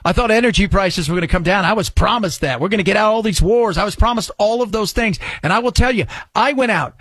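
A man's voice: sits high, quick pace, a bit bright, no room sound. A man hosting a talk radio show, ranting with sarcasm and indignation. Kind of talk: opinionated talk radio monologue.

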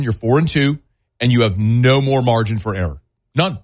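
A man's voice: medium pitch, normal speed, a little mellow, lo-fi sound. A man hosting a sports radio show, talking bluntly with folksy, scolding opinions. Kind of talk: opinionated sports talk and live-read ads.

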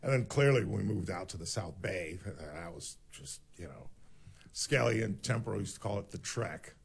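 A man's voice: sits low, lively intonation, normal speed, gravelly, a little hiss or hum. A middle-aged man hosting a talk radio show, speaking in an indignant, emphatic way.

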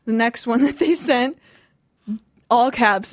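A woman in her twenties hosts a radio show, chatting casually and giggling as she reads listener messages in a storytelling style. Her voice sits on the high side and she speaks slowly. The recording is dry with clean studio sound.

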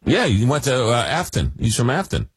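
A man's voice: mid-range voice, huge pitch swings, normal speed, slightly rough, dry recording. A man hosting a call-in radio talk show, rambling with many fillers and restarts.

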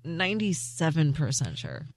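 A woman's voice: low-pitched, wildly swooping pitch, moderate pace, darkish tone, dry recording. A woman co-hosting a late-night show, telling bubbly, self-deprecating stories in casual chat. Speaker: co-host.

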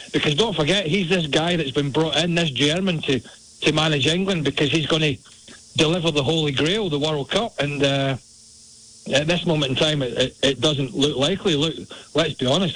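A man's voice: a little high, moderate pace, fairly bright tone, rough recording. A man, giving blunt, opinionated soccer analysis on a radio show.

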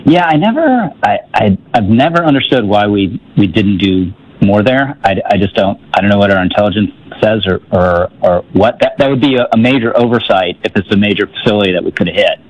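A man's voice: lowish voice, lively intonation, fairly quick, poor audio. A man giving political commentary on a talk radio show, wry and skeptical, often restarting his sentences.

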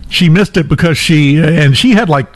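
A man's voice: on the high side, moderate pace. A man hosting a morning talk show, telling a long personal anecdote in a casual, chatty way with many fillers and restarts. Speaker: radio show host.

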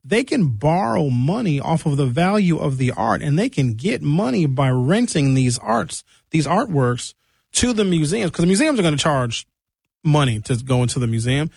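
A man talks through his notes in a casual monologue, his voice sitting a little high. He sounds indignant and animated, and he breaks in with jokey asides. The recording is dry and close, with no room sound. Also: moderate pace, vocal fry, breathy edge, no room sound. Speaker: commentator.

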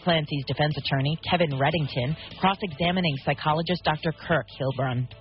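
A woman reading the news headlines on a radio show in a steady, clear delivery. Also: sits low, brisk, faint music behind. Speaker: radio newsreader. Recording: lo-fi radio broadcast with faint noise.

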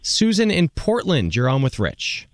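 Animated chatty American radio host. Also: male voice, on the high side, a little slow, no room sound, studio quality. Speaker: radio tech show host. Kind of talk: casual call-in radio talk.

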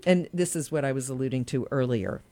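A woman's voice: a bass voice, brisk, mellow. A woman co-hosting a casual political talk show, indignant and emphatic, laughing often. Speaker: co-host.

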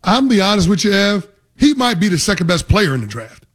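High-voiced male football analyst. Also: big pitch swings, fairly quick. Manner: confident, explanatory, casual slang. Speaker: sports analyst co-host. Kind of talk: sports talk radio.

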